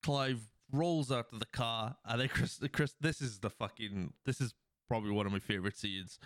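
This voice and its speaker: Smooth-voiced man rambling through a film recap. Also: mid-range voice, moderate pace, no echo, studio quality. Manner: rambling, heavy with fillers; acts out quoted lines. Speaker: podcast host. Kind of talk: casual film plot recap.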